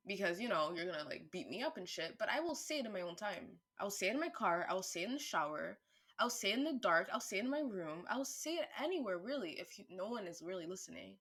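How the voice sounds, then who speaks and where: A woman vlogger thinking aloud in a casual monologue, rambling with restarts, swearing freely, and turning louder and higher when worked up. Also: moderate pace, breathy edge. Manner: animated, rising pitch and volume when worked up.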